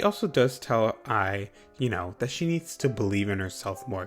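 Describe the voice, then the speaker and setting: A man's voice: lowish voice, expressive, moderate pace, few pauses, soft background music. A young man hosting a comedic movie recap, sarcastic and dramatic, swearing freely. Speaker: YouTube host.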